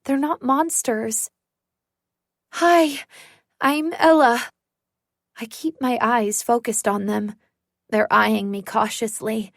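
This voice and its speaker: Woman narrator, thriller audiobook, slightly high voice, unhurried tense delivery, dry close sound. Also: fairly even intonation, vocal fry, a bit bright, no room sound.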